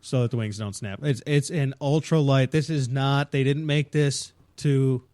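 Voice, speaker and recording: A man's voice: mid-range voice, steady tone, normal speed, a little mellow, no room sound. A man co-hosting a casual podcast, explaining things with frequent restarts and hesitations. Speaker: podcast co-host. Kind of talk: casual chat.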